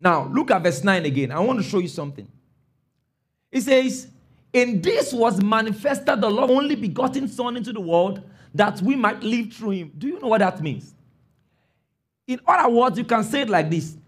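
High, lively preacher man. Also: normal speed, husky. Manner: emphatic, calls for congregation responses; rises to shouts on key phrases. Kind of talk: sermon.

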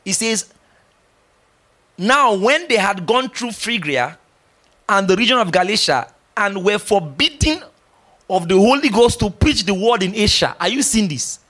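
A man's voice: high voice, unhurried. A middle-aged man preaching a sermon, emphatic and teasing, acting out little dialogues as he goes. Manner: animated, emphatic, teasing, with laughs and acted-out dialogue.

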